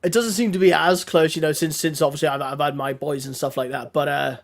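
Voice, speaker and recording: A man chatting casually as a podcast guest, hoarse from a throat infection, talking in a friendly, rambling way with frequent laughs. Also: fairly high pitch, steady tone, brisk. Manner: chatty, laughs often, restarts. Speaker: guest streamer.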